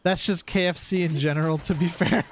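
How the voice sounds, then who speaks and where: Rambling chatty man, slightly high voice. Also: fairly even intonation, brisk, a little hiss or hum. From New York. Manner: rambling, frequent "like" and "right?", laughs often. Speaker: streamer. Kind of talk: casual stream chat.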